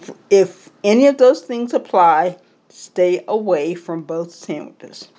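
A woman's voice: fairly low pitch, lively intonation, slow, warm tone. A woman co-hosting a casual podcast with a dry, teasing manner. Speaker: podcast co-host.

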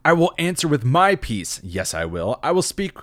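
A man voicing an arrogant young male blowhard who declaims loudly and pompously. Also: fairly high pitch, big pitch swings, normal speed, dry recording, voice pushed up.

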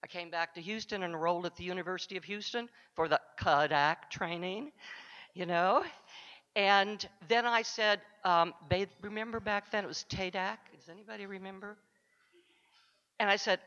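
A woman's voice: lowish voice, measured pace, fairly bright tone. Heartfelt woman giving an acceptance speech. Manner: heartfelt, speaks directly to the audience. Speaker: award recipient, counselor. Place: conference luncheon hall. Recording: dull sound in a large echoing hall.

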